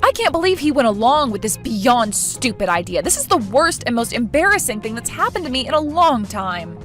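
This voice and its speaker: A woman voicing an outraged young bride, with soft music under her. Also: fairly high pitch, very animated, a little fast. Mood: furious. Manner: indignant, accusing. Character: young bride, humiliated and furious. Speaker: voice actor in a story video. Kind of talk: scripted voice acting. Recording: faint background music.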